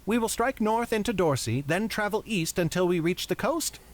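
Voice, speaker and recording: A man puts on a young noblewoman from a read-aloud fantasy novel, her voice pushed well up in pitch. She sounds emphatic and alarmed, her lines lifting and swooping. The pitch leaps around a great deal. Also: expressive, normal speed. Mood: resolute.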